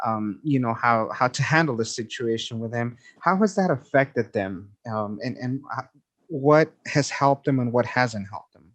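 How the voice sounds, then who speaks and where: A man's voice: medium pitch, normal speed. Hesitant male interview host. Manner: hesitant, repeats words, gentle. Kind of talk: interview questions.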